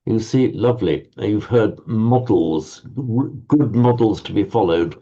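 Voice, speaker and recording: A man's voice: lowish voice, expressive, a little slow, mellow. A man teaching Pali pronunciation to a group class, patiently correcting students and often repeating words while he searches for the next one. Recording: dull lo-fi audio.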